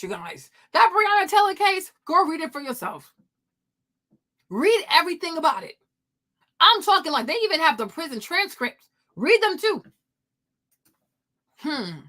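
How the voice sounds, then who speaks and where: A woman hosting a casual commentary stream, talking to viewers in an animated, emphatic way and acting out her own past reactions. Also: high-pitched, a little slow. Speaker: host.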